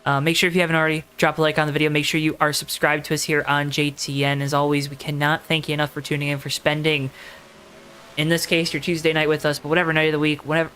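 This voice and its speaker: A slightly high male voice, bright and pushed, calls a live sim racing broadcast from a commentary booth. He's chatty and playful, talking straight to the people watching, and a little hiss or hum runs under the recording.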